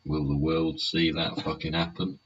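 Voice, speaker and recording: A man's voice: very deep voice, level tone, normal speed, a bit bright, breathy edge. A man hosting a live solo show from home, rambling, swearing a lot and tagging his points with questions. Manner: heavy swearing, tag questions. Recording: muffled lo-fi sound, faint hiss.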